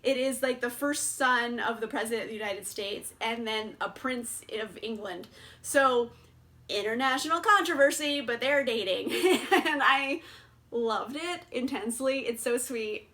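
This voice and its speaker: A young woman vlogging a casual book tag, talking bluntly, animated and swearing freely. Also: a little high, unhurried. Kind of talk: casual book review chat.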